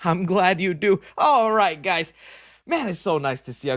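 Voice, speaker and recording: A man's voice: sits high, lively intonation, normal speed, fairly bright tone. A man around thirty hosting a casual live stream, talking in a hyped, playful, rambling way with slang, a little out of breath. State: slightly out of breath. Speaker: livestream host.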